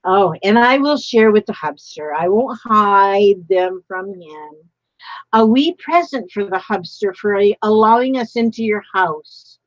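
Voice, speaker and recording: A woman's voice: mid-range voice, lively intonation, measured pace, dry recording, dull audio. An older woman chatting casually while opening happy mail, gushing and exclaiming often. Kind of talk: casual live-stream chat.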